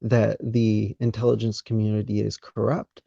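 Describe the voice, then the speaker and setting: A man hosts a conversational podcast interview, speaking in a measured, deliberate way and pausing mid-thought. His voice is low and gravelly with a dark, mellow timbre. The sound is dry and dull, like a lo-fi call recording. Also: level tone, dry recording. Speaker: podcast host.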